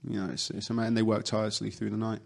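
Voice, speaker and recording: Gravelly-voiced man telling a story. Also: on the low side, little pitch movement, rapid-fire. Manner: chatty storyteller, many fillers and restarts. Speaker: actor guest. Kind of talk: casual interview chat.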